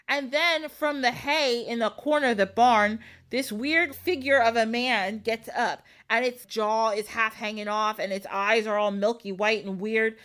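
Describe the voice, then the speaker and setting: Bright-voiced woman telling a story casually. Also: fairly high pitch, moderate pace. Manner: playful, laughs often, acts out voices loosely. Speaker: podcast host.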